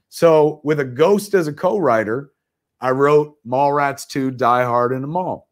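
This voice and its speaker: Middle-aged man, animated storyteller on a video call, salty and quick with impressions. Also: mid-range voice. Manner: animated storyteller, swears freely, acts out quotes. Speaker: guest filmmaker. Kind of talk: livestream anecdote telling.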